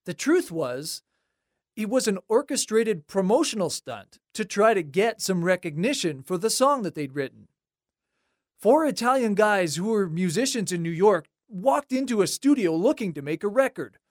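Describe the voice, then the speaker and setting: A host narrating a scripted music-history story in a conversational, lightly wry way. The voice moves through a lively, animated range. It sits close on a dry mic with no room sound. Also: mid-range voice, normal speed, no echo.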